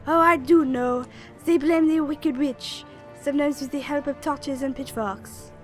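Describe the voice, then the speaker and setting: A woman voicing a sharp-tongued village witch who speaks in a dry, scornful way. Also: high-pitched, fairly even intonation, measured pace, soft background music. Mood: dismissive.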